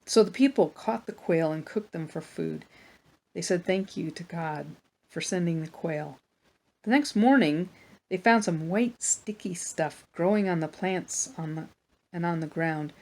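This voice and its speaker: A woman with a gravelly, low voice reading a children's Bible story aloud for a church. She tells it slowly and gently, adding small asides of her own.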